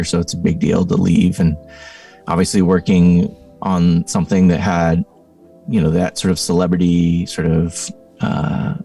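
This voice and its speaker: Low, gravelly-voiced man telling a story. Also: mellow, far from the mic. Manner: thoughtful, frequent fillers like "you know" and "like". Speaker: guest. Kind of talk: reflective conversational storytelling.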